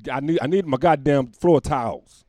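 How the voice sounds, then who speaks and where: A man putting on a pompous, hot-tempered male celebrity who talks in a loud, indignant, demanding way. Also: medium pitch, expressive, fairly quick, no room sound, close to an everyday voice.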